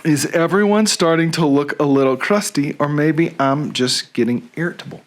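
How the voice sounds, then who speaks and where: A man's voice: fairly high pitch, moderate pace. Joking man hosting a live stream. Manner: self-mocking and joking. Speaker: host. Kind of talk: casual live-stream sign-off.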